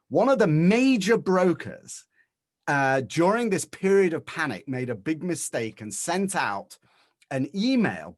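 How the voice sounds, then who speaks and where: An English man speaking as a guest on an online webinar. He tells his story in a lively, chatty way, with a pitch that rises and falls a lot. The sound is dry and close, as from a video call. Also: no echo.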